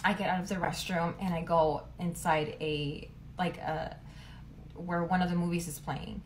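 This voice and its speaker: A woman's voice: fairly low pitch, fairly even intonation, normal speed, a little hiss or hum. A young woman retelling a story casually, chatty and full of fillers. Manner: chatty, lots of "like", dramatic retelling.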